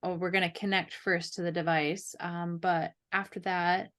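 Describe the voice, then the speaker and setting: A woman hosting a casual chat who talks in a slow, measured, meditative way while running a guided scan. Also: fairly low pitch, little pitch movement, fairly bright tone. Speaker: host and energy coach.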